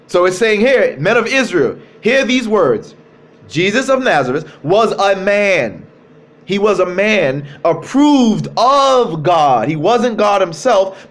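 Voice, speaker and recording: A man giving a livestreamed religious talk into his cell phone, emphatic, repeating key phrases and slowing down to stress words. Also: sits high. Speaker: religious speaker.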